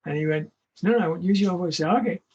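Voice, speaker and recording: An older male voice actor telling animated anecdotes in an interview, acting out the voices of the people he quotes. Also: sits high, racing, slightly rough, dull audio. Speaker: guest voice actor. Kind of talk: storytelling interview.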